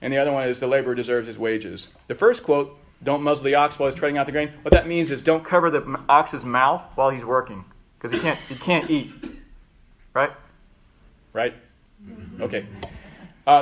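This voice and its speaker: A man's voice: medium pitch, a little fast, pauses often. A middle-aged man teaching a Bible class in a conversational lecture style, with asides and emphatic readings of quotes.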